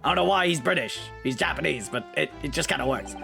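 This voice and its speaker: A man streaming a game playthrough, chatting casually with excitable, rambling asides and frequent swearing. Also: on the high side, fast, gravelly, few pauses, music in the background. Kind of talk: casual let's-play commentary.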